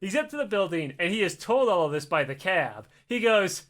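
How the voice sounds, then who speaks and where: A man co-hosting a podcast, telling a story in an excitable, profane way and acting out its parts. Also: sits high, fairly quick. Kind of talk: animated storytelling.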